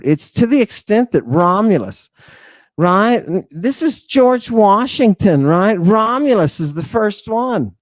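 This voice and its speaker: A man giving a lecture over slides, emphatic and dramatic, constantly asking "right?" and swinging between hushed asides and loud outbursts. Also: a little high, no room sound. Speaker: lecturer on ancient Greek language and ritual.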